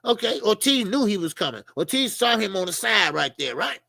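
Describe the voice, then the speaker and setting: A man talks boxing on a live stream in a casual, rambling way, cursing bluntly and calling out to viewers in the chat. His voice sits high and has a gravelly edge. The recording is dry and close, with no room sound. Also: big pitch swings, fairly quick, pushed and bright, no room sound. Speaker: boxing channel host.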